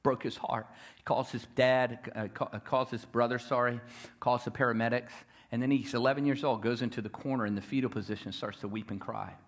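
A man preaching a sermon, telling a story and building to loud, repeated declarations. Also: mid-range voice, steady tone, brisk. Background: guitar music.

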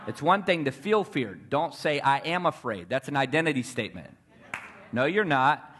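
A man's voice: on the high side, lively intonation, normal speed, fairly bright tone, slight background noise. A man preaching a fervent sermon, telling stories and calling to the crowd for responses.

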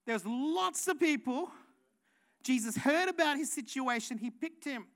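A woman preaching a passionate sermon, building to loud rhetorical questions. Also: high voice, expressive, measured pace.

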